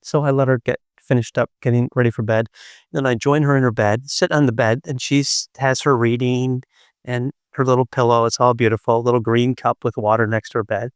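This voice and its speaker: Gentle middle-aged man telling a story. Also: mid-range voice, flat delivery, clear, resonant tone, no echo, studio quality. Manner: gentle, unhurried, with thoughtful pauses. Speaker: storyteller and podcast co-host. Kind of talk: reflective personal storytelling.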